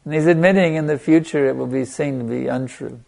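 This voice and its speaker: A man preaching in a gravelly voice at an everyday pitch, driving points home by repeating phrases. After each point he lets a quiet "you see" fall away. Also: brisk. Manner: emphatic, repeating phrases for stress. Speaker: spiritual teacher. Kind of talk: sermon.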